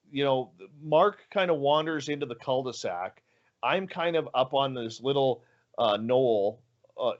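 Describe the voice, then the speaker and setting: A man's voice: mid-range voice, highs cut off. A man telling a story as a guest in an interview, acting out the dialogue with animation. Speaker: guest, radio show host.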